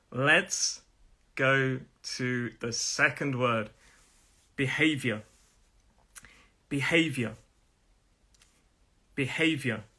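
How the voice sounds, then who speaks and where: A man with a Nottingham accent, teaching a live online English pronunciation lesson and repeating each word slowly for learners to copy. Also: mid-range voice, bright, forceful tone. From Nottingham, England.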